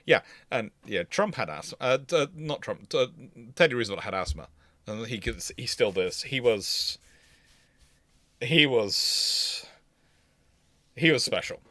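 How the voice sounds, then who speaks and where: A man's voice: medium pitch, animated, a little slow, pauses often, bright, forceful tone, no room sound. A man presenting naval history in a casual lecture, rambling and correcting himself as he goes. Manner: rambling, self-correcting, chuckling.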